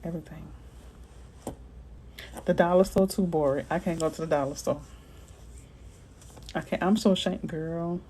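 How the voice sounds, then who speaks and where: Animated woman realtor chatting with viewers. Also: on the low side, moderate pace, pauses often, a little hiss or hum, rough recording. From Florida. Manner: animated, slangy, reads out viewer comments. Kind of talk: casual livestream chat with viewers.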